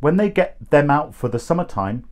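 A man's voice: on the high side, very animated, brisk. A man doing cheeky boastful schoolboy John. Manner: teasing, competitive.

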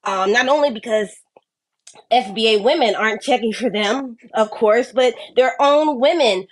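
A woman's voice: on the high side, normal speed. A woman calling in to a talk show, speaking mockingly and laughing at her own remarks. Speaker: caller. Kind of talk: call-in commentary.

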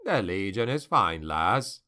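A man voicing a fatherly male mercenary colonel with a Scottish accent, speaking gently and dryly. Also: lowish voice, moderate pace, voice pushed down. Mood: gentle.

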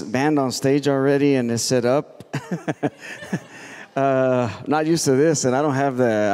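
A man's voice: mid-range voice, darkish tone, smooth, big-room sound. A man ad-libbing on stage before a raffle, joking and self-deprecating. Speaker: raffle host. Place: hotel ballroom.

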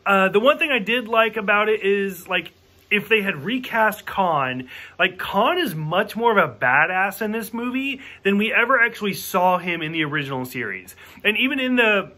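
A man with a high, bright voice giving a casual movie review. He rants frankly and swears freely, leaning on "like" as filler. He acts out quoted lines as he goes. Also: expressive, normal speed.

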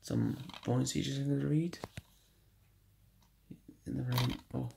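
A man at home casually showing off his DVD collection, reading out running times in a halting, stumbling way. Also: medium pitch, little pitch movement, gravelly. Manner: shouts at noisy kids, then apologizes. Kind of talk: casual home video show-and-tell. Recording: faint background noise.

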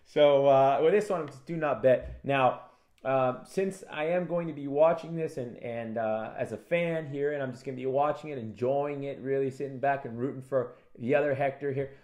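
A man co-hosting a casual MMA betting analysis show, animated and acting out fighters in raised voices. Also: mid-range voice, normal speed, echoey room. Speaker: MMA prediction co-host.

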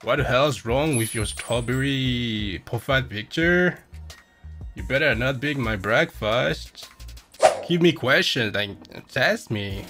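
A man's voice: mid-range voice, animated, slow, pushed and bright, soft background music. A young man on a live stream playfully impersonating another streamer, reading chat questions and goofing around. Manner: teasing, goofy, reads chat questions aloud and jokes.

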